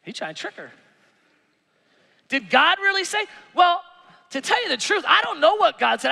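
A pastor preaching an animated, conversational sermon with playful asides. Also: male voice, very high voice, normal speed, vocal fry, pauses often, long reverb tail. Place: church sanctuary.

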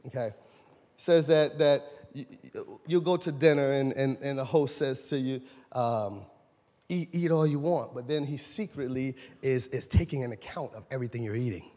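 A man pastor preaching a sermon, swinging between loud shouted lines and low quiet asides. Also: moderate pace. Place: church sanctuary. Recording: long reverb in a large church hall.

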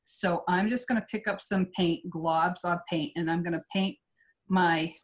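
A woman's voice: on the low side, fairly even intonation, a little slow, poor audio. Chatty woman teaching a craft. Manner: chatty and digressive. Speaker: art instructor. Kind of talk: live painting demonstration.

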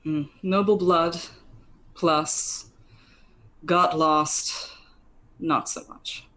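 A cold, aloof male elf chamberlain, put on by a woman with a low voice. He speaks in a clipped, disdainful manner, looking down on everyone. The voice sits low and steady. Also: drawn-out words, exaggerated voice.

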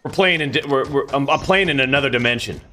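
A man streaming a video game, ranting angrily with lots of swearing and shouting. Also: medium pitch, quick pace. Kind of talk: live gameplay streaming.

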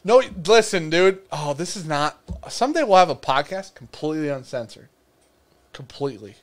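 A man's voice: a little high, big pitch swings, normal speed. A man co-hosting a live whiskey stream, joking and cursing in casual banter. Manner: joking, profane, teasing. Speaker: podcast co-host.

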